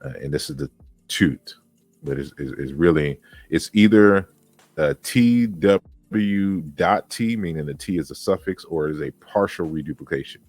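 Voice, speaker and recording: A man with an extremely deep voice delivers an informal lecture on word origins. He reads glosses off his slides, restarting sentences and filling pauses as he thinks aloud. Faint music plays softly under his voice. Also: lively intonation, dry recording. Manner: explanatory, frequent fillers and restarts; walks through slides, reading out glosses. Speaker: lecturer on historical linguistics.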